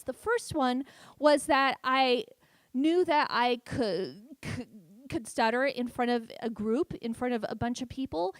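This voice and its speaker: A woman in her thirties doing stand-up storytelling, stuttering on repeated sounds and delivering lines with deadpan sarcasm. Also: high-pitched, dry recording. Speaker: stand-up comedian. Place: festival stage.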